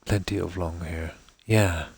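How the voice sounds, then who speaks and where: Deep-voiced Irish Midlands man, rambling. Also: fairly even intonation, unhurried, darkish tone, husky, no room sound. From Ireland. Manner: rambling, many fillers and "let's say". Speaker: streamer. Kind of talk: casual chat with viewers while gaming.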